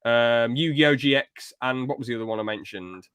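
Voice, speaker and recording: A man's voice: mid-range voice, moderate pace, fairly bright tone, clear, resonant tone, dry recording. A man chatting on a podcast, rambling and opinionated, swearing casually about films he dislikes. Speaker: podcast co-host.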